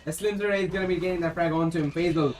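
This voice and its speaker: An esports caster giving play-by-play commentary, with rapid game calls that rise on big moments and drop low for asides and self-corrections. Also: a little hiss or hum, poor audio. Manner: rapid game calls with excited rises on kills; drops to a low aside when correcting himself.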